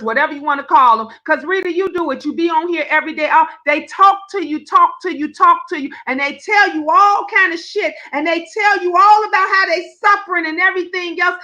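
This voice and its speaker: A woman hosting a live talk stream, blunt and emphatic, telling stories in profane, animated speech. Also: very high voice, a little fast, hardly any pauses, poor audio.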